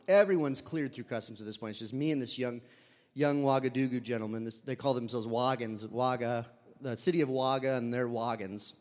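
A man's voice: medium pitch, moderate pace, big-room sound. A man telling a personal story live, casual and conversational with fillers, sometimes acting out voices.

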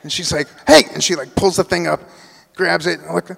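A man telling a personal story on stage, animated, acting out the voices of people in it. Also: on the high side, fairly quick, vocal fry. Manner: animated, acts out quoted voices. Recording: long hall reverb.

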